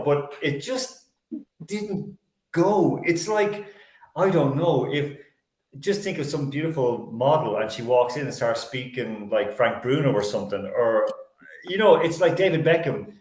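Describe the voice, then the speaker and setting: A man's voice: mid-range voice, darkish tone, reverberant. A man hosting a sports talk show, telling stories in a rambling, self-correcting way.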